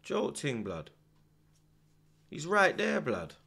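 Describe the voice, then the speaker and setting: Animated man yelling at football. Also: fairly high pitch, slow pace, gravelly, husky. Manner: excitable, shouts at the screen, heavy slang and swearing. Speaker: football watchalong host. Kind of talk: live match reaction commentary.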